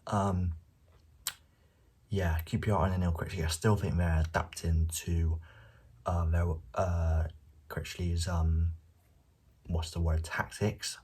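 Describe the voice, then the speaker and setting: A young man casually giving football predictions on his channel, speaking quietly and at times near a whisper, recorded at home late at night without a proper microphone. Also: sits low, flat delivery, slow, pauses often, husky. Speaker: football vlogger. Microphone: no dedicated microphone.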